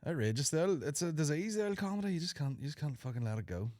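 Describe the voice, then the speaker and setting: A Northern Irish man in his thirties hosts a comedy podcast full of crude, sweary jokes, slipping into mock voices. His voice is a little high and darkish, with big pitch swings and a rapid-fire delivery, recorded at studio quality with no echo.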